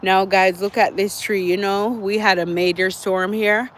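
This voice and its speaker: Breathless high-voiced man walking. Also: flat delivery, measured pace, a bit bright, a little hiss or hum. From Jamaica. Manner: chatty, repeats himself, talks to chat. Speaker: livestream host. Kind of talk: casual walking livestream. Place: outdoor walking track near woods at dusk.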